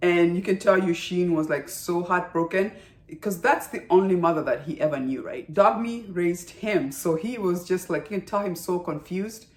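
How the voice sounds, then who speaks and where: A woman's voice: fairly low pitch, normal speed. A woman giving a casual, emphatic review of a TV drama, often tagging her sentences with "right?" and "okay?". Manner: emphatic, chatty, with frequent "right?" and "okay?" tags. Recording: roomy echo.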